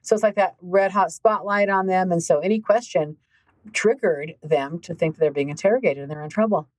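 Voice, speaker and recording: A woman hosting a podcast as a coach, talking in an animated, emphatic way straight to her listeners. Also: fairly low pitch, fairly quick, no room sound, low-quality recording. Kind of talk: conversational podcast monologue.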